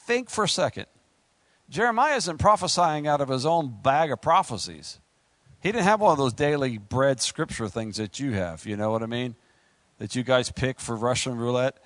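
A man preaching a sermon in a conversational, joking way, acting out quick asides and rising into excited, high-pitched preaching. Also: no echo.

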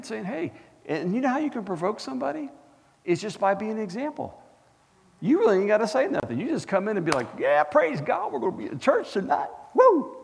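A man preaching a sermon as pastor, animated and asking the congregation questions. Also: sits high, gravelly, big-room sound. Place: church.

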